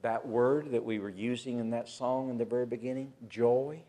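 A man preaching a sermon to a church assembly, swinging from loud emphasis to a hushed near-whisper. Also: mid-range voice, steady tone, moderate pace.

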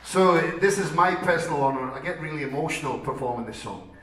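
A man's voice: a little high, quick pace, fairly bright tone, some chatter behind, slight background noise. A middle-aged man from Liverpool with a put-on Scottish-style accent, bantering with the audience from a club stage as the band's singer, joking and heartfelt. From Liverpool, England. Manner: joking, self-mocking, heartfelt. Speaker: rock singer. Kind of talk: chatty stage banter between songs. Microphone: stage vocal mic through the PA. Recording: echoey club hall from far off.

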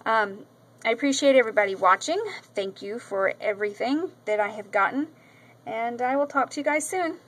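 Woman crafting vlogger, slightly high voice, chatty and effusive, loose casual delivery into the camera. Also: normal speed, a bit bright, rough recording. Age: adult with a daughter. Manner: chatty, gushing, with many ums and repeats. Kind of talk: casual show-and-tell vlog. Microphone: camera mic.

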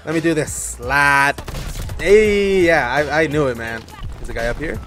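A young gamer talks through his match in loose, casual commentary, his slightly high voice jumping up when he gets kills or dies. He swears freely and chats with his viewers between fights. Faint game music and gunfire sit behind him. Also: measured pace. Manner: excitable, swears often, reacts loudly to kills and deaths. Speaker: gaming streamer. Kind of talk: live gameplay commentary.

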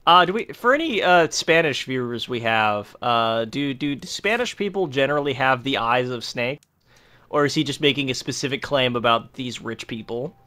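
Male co-host, jokey rambling let's-play commentary, bright tone. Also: mid-range voice, expressive, moderate pace. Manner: rambling, jokey, lots of fillers. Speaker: podcast co-host.

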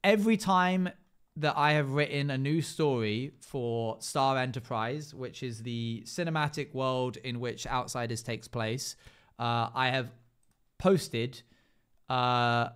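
Male streamer, smooth clear voice, casual gaming chat, filler-heavy list reading. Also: mid-range voice, steady tone, takes it slowly, a bit bright. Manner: rattles off long lists with many fillers.

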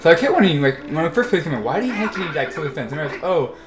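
A man's voice: a little high, sing-song, very fast. Rambling young man commentating gameplay. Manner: rambling, chatty, self-correcting. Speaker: let's play gamer. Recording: roomy echo.

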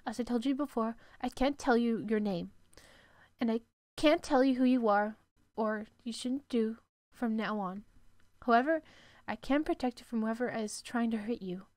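A woman voicing a stern, secretive guardian who commands in a low, clipped voice and sometimes whispers. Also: normal speed, darkish tone, no echo, natural voice. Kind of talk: voicing game dialogue.

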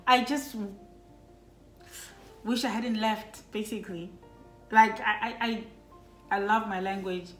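A woman's voice: medium pitch, measured pace, pauses often. Reflective middle-aged woman from Lesotho. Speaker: host, mother. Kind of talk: casual family chat. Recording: echoey room, faint music.

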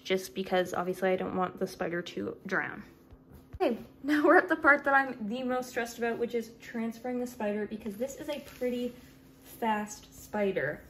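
A young woman chatting casually in a vlog as she sets up a pet enclosure, apologetic and a little flustered. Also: mid-range voice. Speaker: reptile keeper vlogger.

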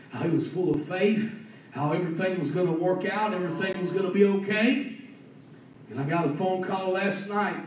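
A man preaching a sermon and telling a personal story, fervent and building to loud emphatic peaks. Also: a little high, slight background noise. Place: church sanctuary. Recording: echoey church from a distance.

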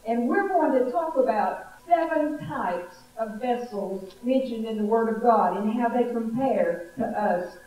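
A woman preaching a sermon, telling a story with emphatic, animated delivery. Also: on the high side, a little slow, few pauses. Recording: echoey hall from far off.

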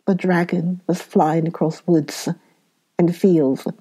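A woman reading a children's story aloud, slow and gentle. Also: on the low side, steady tone, husky.

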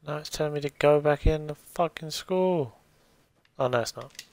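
A man's voice: on the high side, normal speed, darkish tone. A man casually commentating his own gameplay on a stream, thinking aloud and swearing freely. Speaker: game streamer.

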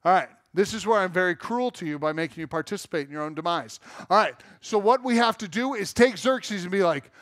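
A man preaching a sermon in a church, talking casually with the congregation, asking them questions and joking about himself, and slowing down to stress key points. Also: sits high, animated, a bit bright, dry recording. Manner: conversational, asks the congregation questions; self-deprecating humor, slows down for emphasis. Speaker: pastor. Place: church sanctuary.

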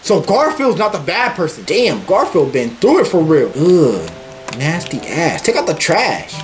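A man giving loud, profane commentary on a horror game, yelping at scares and talking back to the characters. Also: fairly high pitch, a little slow, faint music behind. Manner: excitable, profane, yelps at jump scares. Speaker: gaming YouTuber.

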